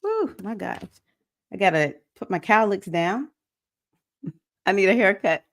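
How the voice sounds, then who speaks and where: A woman, hosting a spiritual livestream circle, chatting with viewers and breaking into sudden high whoops. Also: very animated, unhurried. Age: 50s.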